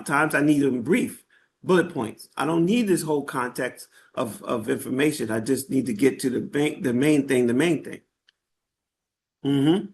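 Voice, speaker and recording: A man teaching a live online workshop in a conversational way, often checking in with his listeners and using fillers as he goes. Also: medium pitch. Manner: conversational, checks in with "right?" and "okay?"; frequent fillers and restarts. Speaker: workshop instructor.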